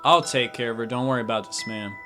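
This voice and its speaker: A menacing gunslinger in black, as a man puts him on speaks in a very deep, slow, reassuring drawl. He stays calm and quiet, as if nothing could shake him. Soft music plays under the scene. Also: close to an everyday voice. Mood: calm, assured.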